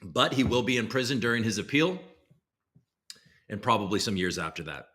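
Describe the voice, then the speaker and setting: Bright-voiced rambling male livestream host. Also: lowish voice, animated, fairly quick. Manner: rambling, sarcastic, self-mocking asides; swings from loud bursts to muttering. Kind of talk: casual livestream chat.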